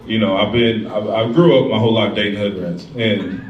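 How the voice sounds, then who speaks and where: A man doing a stand-up comedy set, telling stories in a profane, animated way. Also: fairly low pitch, brisk, highs cut off. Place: comedy club stage. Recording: echoey club, distant mic, loud crowd. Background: crowd laughter.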